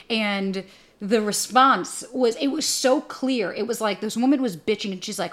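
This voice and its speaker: A young woman hosting a podcast, talking bluntly and profanely in casual chat and telling stories with lively energy. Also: a little high, normal speed. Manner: blunt, profane, animated storytelling. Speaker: podcast host.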